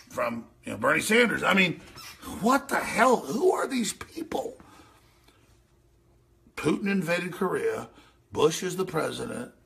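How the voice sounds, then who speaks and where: A man hosting a radio show, ranting and mocking as he reacts to news clips, with a gravelly voice. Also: sing-song, a little slow, sharp tone. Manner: ranting, mocking, mimics voices in shrill falsetto. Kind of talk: animated commentary over news clips.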